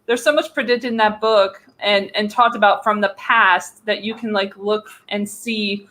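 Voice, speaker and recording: A woman's voice: mid-range voice, steady tone, a little slow, sharp tone. A woman guest on an online panel, speaking casually with fillers and light laughs. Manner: chatty, laughs between points. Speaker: guest journalist.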